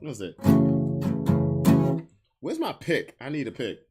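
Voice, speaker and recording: A man's voice: medium pitch, huge pitch swings, slow pace. A man hosting a podcast stream, tipsy, chatting loosely in slang while fiddling with a guitar. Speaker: podcast host. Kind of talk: casual livestream chat. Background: guitar strumming.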